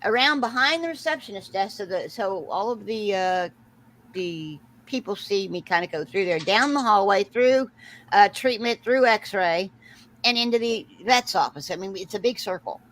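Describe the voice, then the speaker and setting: A middle-aged woman hosting a casual chat, telling a story with lively acted-out quotes and frequent laughter. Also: mid-range voice, normal speed, low-quality recording. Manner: animated storyteller, acts out quotes, laughs often. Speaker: host.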